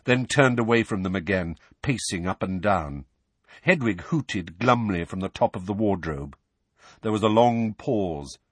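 A man narrating an audiobook with expressive storytelling. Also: low voice, breathy edge, dry recording. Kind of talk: scripted narration.

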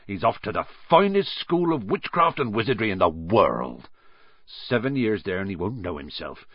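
A giant, good-hearted old gamekeeper from a storybook rumbles along, as a man reads him aloud, deep and husky with folksy hesitations. The sound is dull and dry, like a lo-fi home recording. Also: very animated, normal speed, dry recording. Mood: gruff. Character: huge gruff kindly male gamekeeper, older.

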